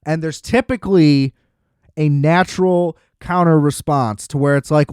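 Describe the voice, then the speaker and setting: A man hosting a podcast, casually recapping and ranting about a movie with animated, exasperated energy and frequent laughs. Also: fairly high pitch, measured pace, clean tone, no room sound, studio quality. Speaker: podcast host. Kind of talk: casual movie review rant.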